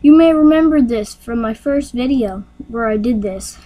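A woman's voice: fairly high pitch, normal speed, dark tone. A young woman hosting her homemade talk show, rambling in a silly, random way with sound effects, on a computer mic. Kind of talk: rambling casual screen-recorded vlog.

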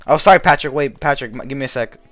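A man live-streaming a game, chatting in a rambling, excitable way with a friend over voice chat. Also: mid-range voice, dry recording, faint music behind. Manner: rambling and excitable, quick to shout. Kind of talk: casual gaming chat.

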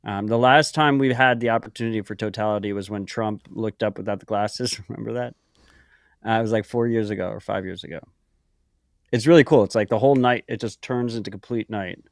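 A man's voice: fairly low pitch, fairly quick, no room sound. Male podcast co-host, profane rambler, dry close sound. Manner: profane, rambling, filler-heavy. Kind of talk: casual chat.

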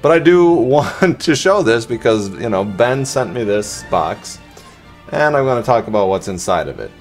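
A man's voice: mid-range voice, animated, moderate pace, soft background music. Rambling man narrating a toy unboxing. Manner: rambling, playful, self-narrating with many fillers. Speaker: toy vlogger. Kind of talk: casual unboxing vlog.

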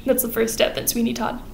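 A woman vlogger summarizing a story in a chatty, irreverent way. Her voice is slightly high, and there is a faint hiss in the background. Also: completely flat delivery, moderate pace, vocal fry, a bit bright, echoey room, poor audio. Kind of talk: casual plot summary.

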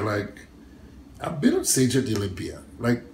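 Male interview guest: a lively storyteller who acts out the quotes, recorded in a reverberant room with light background noise. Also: normal speed. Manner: animated, acts out quotes with big pitch jumps, laughs often. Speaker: bodybuilder guest.

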